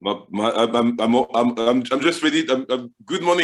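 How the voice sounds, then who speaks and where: A man's voice: mid-range voice, animated, brisk, a little hiss or hum. A man with a French accent speaking as a guest coach on a video call, often stammering and repeating words. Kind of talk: casual video-call interview.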